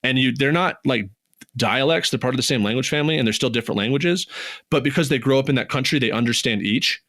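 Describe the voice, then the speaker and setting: A man co-hosting a podcast, telling a travel story in casual chat, swearing freely, his voice jumping high when he gets excited. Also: fast, no room sound, clean studio sound. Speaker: podcast co-host.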